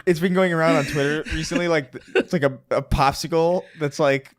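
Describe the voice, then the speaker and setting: A man co-hosting a comedy podcast in casual chat, halting and trailing off as he explains. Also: on the high side, fairly even intonation. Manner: slow, halting, trails off mid-sentence. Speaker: podcast co-host.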